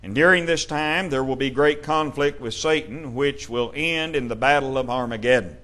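A man's voice: mid-range voice, a bit bright. A man preaching a sermon, teaching steadily and rising in force when he reads scripture aloud. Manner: measured Bible teaching with emphatic scripture readings.

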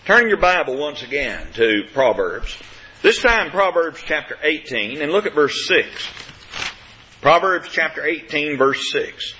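A man preaching a sermon, reading scripture in a steady King James cadence and stressing key words with force. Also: fairly high pitch, measured pace, a little hiss or hum. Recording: dull lo-fi sound.

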